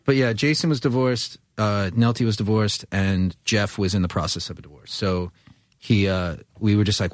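A man's voice: on the low side, moderate pace, no echo, studio quality. A man in a band chatting casually, swearing a lot while telling road stories. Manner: profane, storytelling. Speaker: band member. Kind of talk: casual chat.

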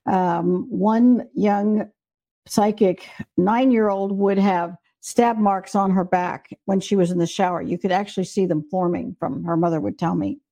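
A woman's voice: mid-range voice, fairly even intonation, a little slow, dark tone. Earnest older woman telling stories. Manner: earnest, emphatic storytelling. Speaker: psychic medium guest. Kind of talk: storytelling in an interview.

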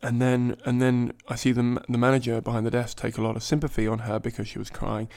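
A man telling a comic anecdote in an animated, profane, self-mocking way. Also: mid-range voice, fast, gravelly. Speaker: storyteller.

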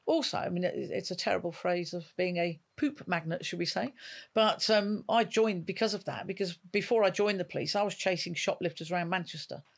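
A woman in her fifties with a gravelly, fry-edged voice recounts her police days. She is a retired dog handler, talking in an interview and acting out each quoted line as she tells it. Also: on the low side, a little fast. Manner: vivid storyteller who acts out quoted dialogue. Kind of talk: emotional storytelling in an interview.

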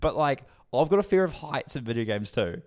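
Brief: young man, podcast co-host, quick and crude, rambling banter. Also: mid-range voice, sing-song, darkish tone. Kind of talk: casual chat.

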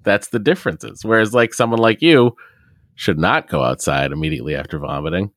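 A man's voice: sits low, fairly quick, a bit bright, no room sound, studio quality. A man co-hosting a casual podcast, teasing and joking, laughing at his own jokes. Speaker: podcast co-host. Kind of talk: casual chat.

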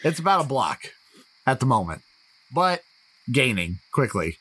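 Guy running a tabletop game, bright lively voice, laughs a lot. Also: mid-range voice, measured pace, breathy edge, poor audio. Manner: laughing, teasing banter. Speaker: game master.

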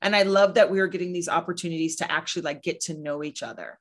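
A woman's voice: fairly low pitch, fast talker. A woman in her thirties, a podcast host, talking earnestly and with emphasis in a casual chat, sometimes acting out what others say. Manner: earnest, emphatic, acts out quoted voices. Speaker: podcast host and guest speaker.

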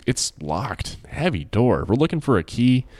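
A man's voice: mid-range voice, very animated, a little slow, darkish tone, breathy edge, no room sound, clean studio sound, pitched above the performer's own voice. A man voicing a weary, middle-aged small-town sheriff who speaks grimly and plainly. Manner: grim, plainspoken.

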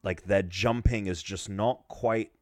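A man's voice: lowish voice, measured pace, no echo, studio quality. A man in his twenties reviewing games in casual podcast chat, explaining at length with fillers. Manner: relaxed, rambling explanations with fillers. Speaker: podcast co-host, game reviewer.

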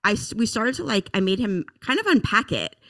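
A woman in her forties hosting a podcast, chatty and halting, with many fillers. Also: mid-range voice, very animated, creaky, fairly bright tone, no echo, clean studio sound. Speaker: host. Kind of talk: casual conversation.

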